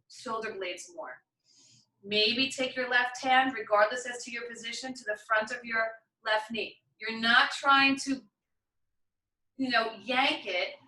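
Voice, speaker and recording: Bright-voiced woman guiding a yoga class. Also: fairly high pitch, reverberant, recorded from a distance, poor audio. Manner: encouraging, chatty, talks through each move. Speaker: yoga instructor. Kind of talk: guided yoga class instruction.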